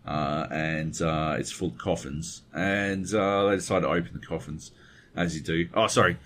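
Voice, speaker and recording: Male podcast co-host, very low voice, profane and digressive, faint background hiss. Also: normal speed, a bit bright. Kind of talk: casual chat. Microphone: webcam setup at home desk.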